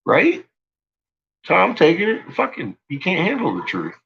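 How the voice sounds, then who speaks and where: A man's voice: high voice, wildly swooping pitch, a little fast, gravelly, lo-fi sound, a little hiss or hum. A man ranting profanely and agitatedly on a casual live stream.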